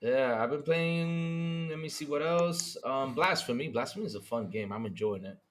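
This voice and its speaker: A man co-hosting a gaming podcast in casual chat, excitable and stammering with quick repeats. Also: on the high side, a little hiss or hum. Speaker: podcast co-host.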